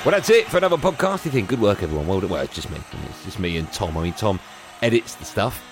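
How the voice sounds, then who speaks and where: A man hosting a sports radio show, teasing and self-mocking in lively banter. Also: lowish voice, fast, noisy background.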